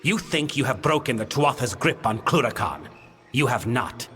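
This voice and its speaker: A man's voice: medium pitch, animated, moderate pace, a bit bright, close to an everyday voice. An actor playing a weary ancient winter fae king in a video game, speaking in a grave, formal, commanding way. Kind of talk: video game character dialogue. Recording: long reverb with game music.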